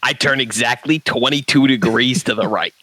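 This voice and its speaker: A man's voice: mid-range voice, moderate pace, bright, forceful tone, no room sound. A man playing a tabletop game in a goofy, playful way. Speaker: player. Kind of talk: casual tabletop role-play.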